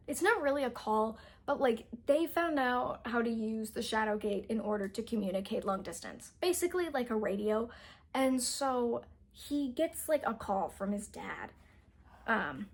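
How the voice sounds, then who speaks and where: A young adult woman casually recapping a novel's plot as a book reviewer, rambling and saying "like" constantly. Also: on the high side. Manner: rambling, heavy use of "like".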